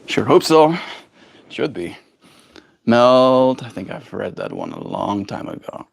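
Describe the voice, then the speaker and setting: A man's voice: lowish voice, wildly swooping pitch, slow pace, creaky, husky, no room sound. A young man with a South African accent, chatting casually on a live stream, joking and answering chat messages aloud. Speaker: livestreamer.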